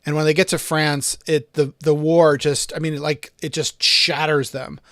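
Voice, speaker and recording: A man's voice: a little high, level tone, unhurried, a bit bright, dry recording, studio quality. A man co-hosting a podcast, telling a story in a rambling way with frequent restarts and fillers. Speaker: podcast co-host. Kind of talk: casual discussion.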